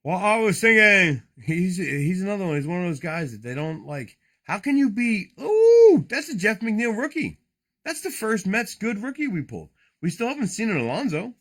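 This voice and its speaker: Excitable profane man with a lively voice. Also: fairly high pitch. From New Jersey. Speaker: card-breaking streamer. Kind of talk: casual live card-opening chat.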